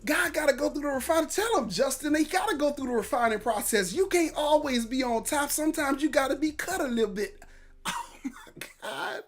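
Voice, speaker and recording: A man's voice: very high voice, animated, fast. Hyped guy doing a morning livestream chat, reading comments out, repeats himself a lot. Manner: hyped, upbeat encouraging talk; loose and repetitive, with restarts and catchphrases. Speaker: livestream host.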